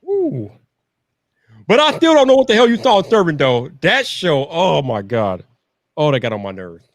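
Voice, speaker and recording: A man hosting a livestream, chatting casually with guests over a video call, animated and teasing, often laughing. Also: fairly high pitch, moderate pace, no room sound, studio quality. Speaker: livestream host. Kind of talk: casual chat.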